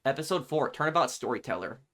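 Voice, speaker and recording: A man's voice: mid-range voice, big pitch swings, fast talker, a bit bright. Chatty man hosting a game playthrough. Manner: chatty with many fillers. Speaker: let's play host. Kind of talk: casual game commentary. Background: game music.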